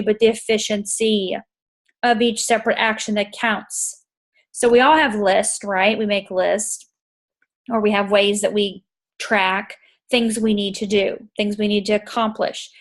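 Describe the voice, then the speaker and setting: A middle-aged woman giving a casual motivational talk to her network marketing team, animated and cursing freely, often acting out conversations. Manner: animated, swears freely, acts out exchanges in a higher voice.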